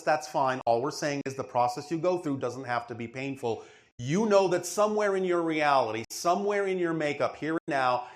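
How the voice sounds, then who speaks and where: A man giving a channeled spiritual teaching to a questioner, with an emphatic, didactic delivery and frequent checks that he is understood. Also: on the high side. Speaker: spiritual speaker answering a questioner.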